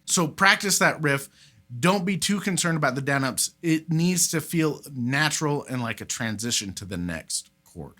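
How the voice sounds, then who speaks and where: A man giving a casual beginner guitar lesson, chatty and relaxed, counting out rhythms. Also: a little high. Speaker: guitar teacher. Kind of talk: casual instructional talk. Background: guitar playing.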